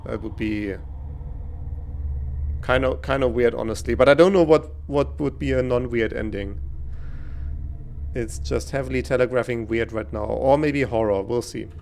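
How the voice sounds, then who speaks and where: A man's voice: medium pitch, creaky, a little mellow, slight background noise. A man streaming a video game, giving casual, wry commentary as he plays. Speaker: let's play streamer.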